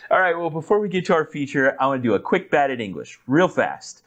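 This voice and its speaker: A man co-hosting a podcast in casual chat. He explains things in a relaxed way and trails off low at the ends of his sentences. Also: fast talker. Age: adult. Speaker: podcast co-host.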